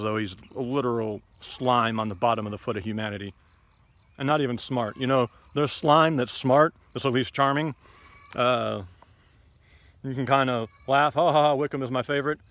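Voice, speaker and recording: A homesteading vlogger with a medium-pitched, slightly bright male voice rambles casually through an outdoor tour of his garden. He's blunt and opinionated, and his talk is full of ums and asides.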